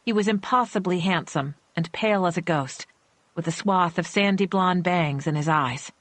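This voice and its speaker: A woman narrating a suspense thriller audiobook in a measured, tense storytelling manner. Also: lowish voice, a bit bright, no echo.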